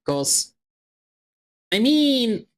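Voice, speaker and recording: A man streaming and chatting casually, teasing his friends in a halting way. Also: extremely high pitch, sing-song. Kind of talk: casual chat on a live stream.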